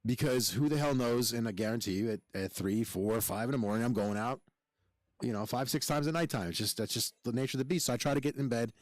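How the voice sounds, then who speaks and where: Man, casual chat, blunt and swearing, dry recording, middle pitch. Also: fast talker, no room sound. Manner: blunt, profane storytelling with restarts. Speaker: podcast co-host; firefighter.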